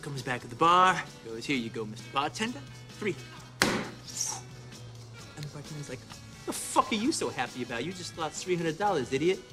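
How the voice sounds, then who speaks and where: A man's voice: fairly high pitch, sing-song, moderate pace, long pauses. An actor playing a man in a bar who tells a long crude joke, swearing and laughing at his own punchline. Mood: boisterous. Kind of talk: film dialogue. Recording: film audio clip with music behind. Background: music.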